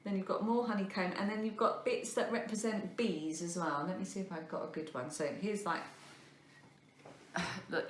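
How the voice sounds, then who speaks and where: Woman, 30s, rambling craft podcast host, lowish voice, roomy echo. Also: a little hiss or hum. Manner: rambling, self-deprecating, many fillers. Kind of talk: casual chat showing crafts to camera. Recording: echoey room.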